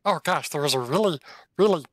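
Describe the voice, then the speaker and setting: A man's voice: fairly high pitch, expressive, a little fast, a bit bright, dry recording, pitched above the performer's own voice. A man voicing a small chatty fox. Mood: rambling. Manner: gushing, rambling, easily delighted. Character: small excitable fox companion.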